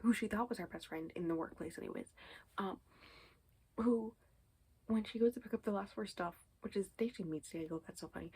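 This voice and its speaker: Husky-voiced chatty woman book vlogger. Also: medium pitch, wildly swooping pitch, fairly quick, mellow, rough recording. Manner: chatty and rambling, with frequent whispered asides; says 'um' and 'anyways' often. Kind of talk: casual reading vlog chat.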